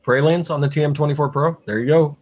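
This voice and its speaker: A man's voice: a little high, fairly even intonation, fast talker, no room sound. A man chatting casually, wry and a bit hesitant with frequent fillers. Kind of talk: casual group chat.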